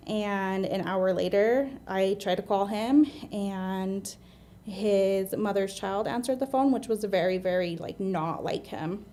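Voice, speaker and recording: A woman in her thirties with an American accent speaks in a mellow, darker tone as an interview guest. She is open and earnest and often restarts her sentences. She talks in a plain, unhurried way. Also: mid-range voice. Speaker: guest, admissions medical assistant. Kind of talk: candid interview storytelling.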